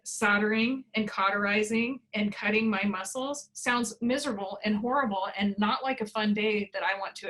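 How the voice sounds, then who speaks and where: Woman, 30s, interviewee, emphatic and blunt, bright tone. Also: mid-range voice. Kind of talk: emotional personal interview.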